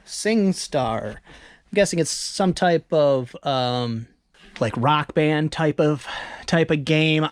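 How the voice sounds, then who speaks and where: A casual vlogger chatting through recent resale sales at an even, middling pitch. The talk rambles and thinks aloud, loose and conversational. It is plain everyday speech with no performance to it. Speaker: eBay reseller vlogger. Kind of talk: casual vlog chat.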